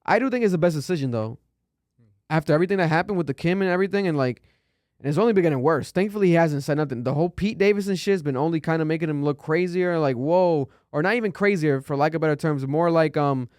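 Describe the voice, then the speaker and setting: A man's voice: a little high, quick pace, darkish tone, no echo, clean studio sound. A man hosting a podcast, talking casually and loosely with lots of fillers and cursing. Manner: loose and chatty, curses often, many fillers. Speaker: podcast host.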